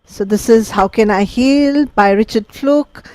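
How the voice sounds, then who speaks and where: A woman's voice: fairly high pitch, a little slow, darkish tone. A woman hosting an interview, asking friendly prompting questions. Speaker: host.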